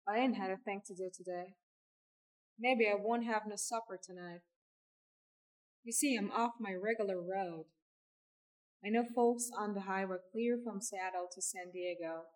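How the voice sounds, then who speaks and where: A woman's voice: medium pitch, measured pace, long pauses, distant mic, natural voice. A woman reading aloud, voicing a persistent traveling tinker man with a folksy, coaxing way of talking. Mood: whining.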